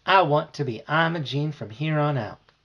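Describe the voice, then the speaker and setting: A dad doing a fussy, polite old retired teacher. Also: male voice, a little high, normal speed, dull audio. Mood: fussing, hospitable. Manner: gentle, fussy, hospitable.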